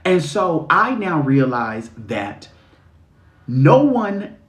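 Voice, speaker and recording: A man hosting a live stream, delivering a blunt, sweary motivational rant full of rhetorical questions, swinging into mocking high voices. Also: big pitch swings, very slow, fairly bright tone. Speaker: spiritual reader and live-stream host. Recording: roomy echo.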